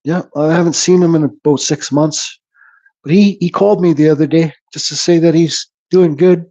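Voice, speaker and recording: A man's voice: on the high side, steady tone, normal speed, mellow. A middle-aged man from Canada hosting a woodcarving channel, chatting casually and bluntly with live viewers, rambling and swearing freely. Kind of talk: casual chat to live viewers while carving.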